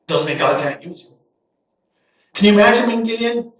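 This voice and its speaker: A middle-aged man preaches a guest sermon with a folksy, animated delivery, slipping into quick voices for Bible characters. His voice sits high for a man. It rings around a big echoey church hall, picked up from some distance away. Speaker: guest pastor. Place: church sanctuary.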